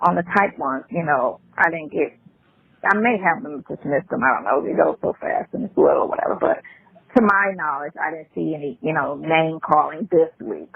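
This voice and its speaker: A woman's voice: fairly high pitch, creaky, husky, no echo. A woman chatting casually and defensively on a call. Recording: tinny dry phone line.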